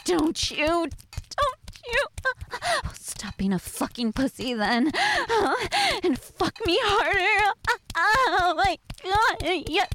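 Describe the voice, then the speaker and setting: A woman voicing a defiant young waitress in a scripted audio role-play, teasing and sarcastic, then pleading, with a breathy voice. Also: big pitch swings, slow, a bit bright, slight background noise, heavily acted. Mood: bratty. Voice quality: breathy, swings between low murmurs and high cries.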